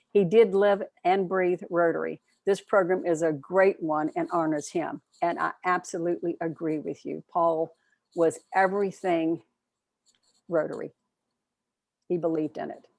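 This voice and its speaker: Over a video call, a woman gives a short, earnest program presentation at an online club meeting, keeping things friendly and plain. Her voice sits fairly low, and the recording is dry.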